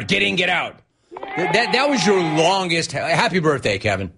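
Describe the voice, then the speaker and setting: A man's voice: on the high side, sing-song, normal speed, creaky, noisy background. A man hosting a radio call-in show, riffing sarcastically on callers and repeating their names for emphasis. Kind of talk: rapid-fire talk radio banter.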